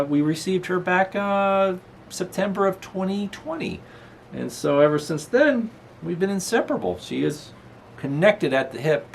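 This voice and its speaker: A man's voice: on the high side, vocal fry, slight background noise. A middle-aged man rambles through a casual home vlog, chuckling now and then. His voice rises and falls a lot. A faint room ambience sits underneath. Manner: rambling, chuckling, talks baby-talk to his dog. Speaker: channel host. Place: apartment room.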